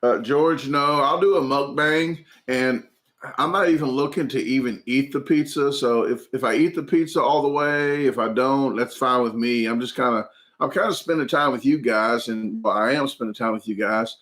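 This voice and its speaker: A man in his forties hosts a casual home livestream and answers viewer comments. His voice sits at a middle pitch, and he talks haltingly, filling pauses with ums and uhs and restarting his sentences often. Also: a bit bright. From United States. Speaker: food channel livestream host.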